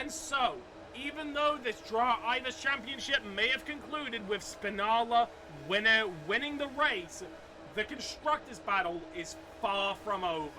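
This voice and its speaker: A man commentating live on a sim racing league race, excitable and often stumbling over his words. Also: high voice, background noise.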